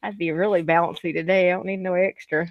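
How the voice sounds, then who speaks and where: A woman's voice: fairly low pitch, fairly even intonation, brisk, dry recording. A woman chatting casually as a co-host, laughing often and dropping folksy sayings. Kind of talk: casual chat. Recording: dull, lo-fi, dry.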